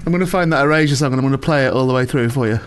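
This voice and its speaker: A man's voice: mid-range voice, rapid-fire, slight background noise. A man hosting a radio show, bantering casually, teasing his guest, swearing freely and laughing often.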